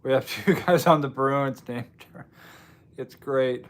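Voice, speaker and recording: This American man has a mid-range voice and speaks slowly. He hosts a laid-back livestream, chatting with viewers in a meandering way and joking at his own expense.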